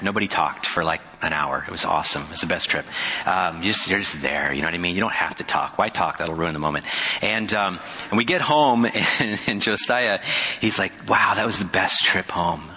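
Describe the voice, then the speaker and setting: A man in his thirties preaching a sermon as pastor, earnest, rising to pleading cries and dropping to quiet asides. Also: deep voice, slightly rough, in a large hall. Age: 30s.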